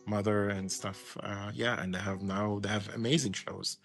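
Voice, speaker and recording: A man hosting an interview, soft-spoken and supportive, often giving short agreements. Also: on the low side, level tone, moderate pace, gravelly, faint music behind. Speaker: interview host. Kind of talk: casual interview conversation.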